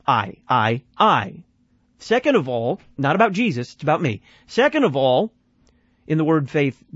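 A man's voice: fairly high pitch, no room sound, highs cut off. A man hosting a call-in radio show, giving critical commentary on a played clip in a conversational way with restarts and repeated phrases.

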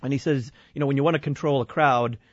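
A man from Illinois telling an animated, exasperated personal story, slipping into other people's voices as he goes. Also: mid-range voice, fast, dry recording. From Illinois, USA. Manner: lively, exasperated, acts out quoted voices. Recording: dull dry studio sound.

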